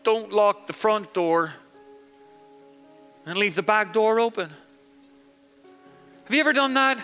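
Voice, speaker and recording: A man's voice: sits high, animated, slow, pushed and bright, smooth. A male pastor preaching a sermon, telling stories animatedly and addressing the congregation directly. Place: large church hall. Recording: echoey hall, faint music.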